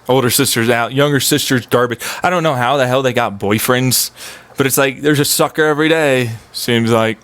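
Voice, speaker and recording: A man's voice: medium pitch, normal speed, a bit bright, smooth. A young man streaming, venting in an agitated, profane, rambling monologue.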